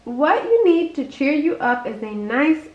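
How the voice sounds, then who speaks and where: A woman voicing a gentle, easygoing male teddy bear, mild and patient. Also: high voice, very animated, measured pace. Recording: echoey muffled room.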